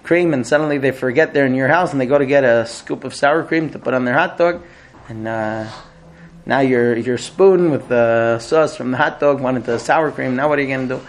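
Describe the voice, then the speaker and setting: A man teaching a class in a conversational way, telling an illustrative story with frequent hesitant pauses. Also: medium pitch, a little hiss or hum. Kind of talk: storytelling lecture.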